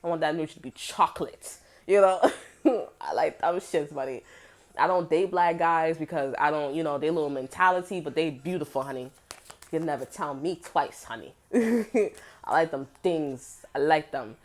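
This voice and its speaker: A young woman with a low-pitched voice rants casually to her viewers during a tarot reading. She swears freely and talks with heavy emphasis, breaking into frequent laughter as she rambles from one point to the next. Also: normal speed. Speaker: tarot reader.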